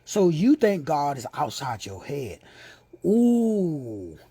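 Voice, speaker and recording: High, lively, husky Texan preacher. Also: male voice, a little slow, no echo. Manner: playful and slangy, dropping into hushed whispers for asides. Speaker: preacher and teacher. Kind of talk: informal sermon teaching.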